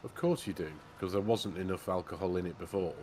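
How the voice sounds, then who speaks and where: A man's voice: deep voice, quick pace, a little mellow, a little hiss or hum. A man, co-hosting a farming game livestream in casual, jokey chat and reading out viewer messages. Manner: jokey, chatty, says mate a lot, reads chat messages aloud. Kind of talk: casual live-stream chat.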